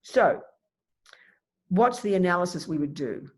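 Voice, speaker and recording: Woman, Buddhist teacher, emphatic and lively, restarts mid-thought; dharma class. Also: fairly low pitch, measured pace. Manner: emphatic, animated, thinks aloud with restarts.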